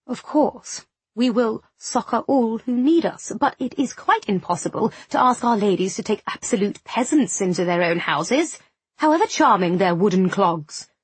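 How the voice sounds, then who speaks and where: Woman doing a high, fussy, snobbish village matron in an audiobook, breathy-edged and dry. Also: expressive, moderate pace, dry recording. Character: fretful snobbish middle-aged village lady.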